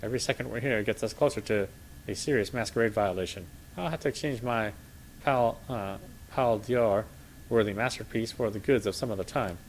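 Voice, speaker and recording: A man reading the lines of a determined female vampire ally in his own low voice, curt and urgent. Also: brisk, slight background noise, natural voice.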